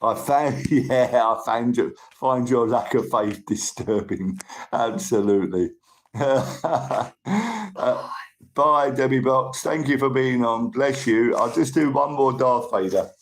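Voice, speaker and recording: A man's voice: medium pitch, slow. A middle-aged man, hosting a rambling live stream and greeting and thanking viewers. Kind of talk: casual live-stream chat. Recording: roomy room with faint noise.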